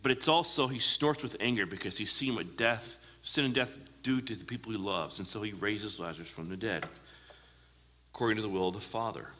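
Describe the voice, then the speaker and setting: A man preaching a sermon as a pastor, earnest, asking the listeners questions and slowing down for emphasis. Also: on the low side, pushed and bright, in a large hall.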